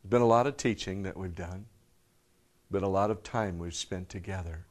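Before a live audience, a man delivers a sermon at a steady, moderate speed. He throws out rhetorical questions and moves back and forth between booming emphasis and soft, subdued murmurs.

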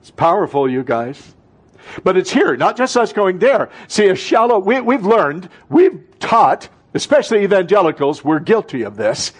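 A male pastor preaching a sermon, swinging between loud fervent bursts and soft, hushed passages, calling out to his congregation. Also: high-pitched, big pitch swings, moderate pace, husky. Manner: calls out to the congregation.

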